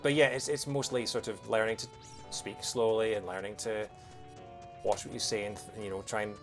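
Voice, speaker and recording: A man's voice: lowish voice, level tone, moderate pace, vocal fry. A young man with a strong accent, chatting casually and hesitantly while streaming a game. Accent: strong non-American accent, from outside America. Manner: hesitant, with fillers and restarts, self-deprecating. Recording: music playing behind.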